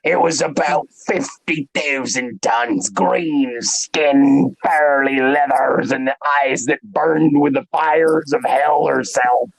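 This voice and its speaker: A man voicing a gruff, sea-weary teller of a monster sighting, in a mock Scottish accent and a slow, exaggerated storytelling way. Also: medium pitch, steady tone, full character voice, poor audio. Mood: spooky.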